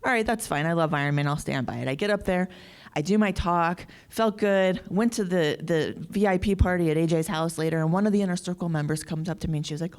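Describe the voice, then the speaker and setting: A middle-aged woman giving a live conference talk as a securities lawyer, telling animated stories with quoted dialogue into a handheld stage mic. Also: fairly low pitch, fast. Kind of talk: live keynote speech.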